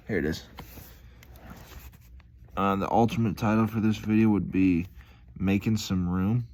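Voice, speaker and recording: Young man, deep voice, casual vlog monologue, slangy, rambling, relaxed. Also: a little slow, long pauses, a little hiss or hum. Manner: laid-back, slangy, meandering with many fillers. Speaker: vlogger.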